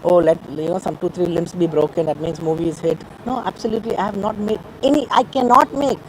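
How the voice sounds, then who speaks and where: Guy at a press meet, earnest and emotional, talks fast, repeats himself a lot. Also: high voice, steady tone, a little hiss or hum, poor audio. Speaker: film actor at a press meet. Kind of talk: press conference statement.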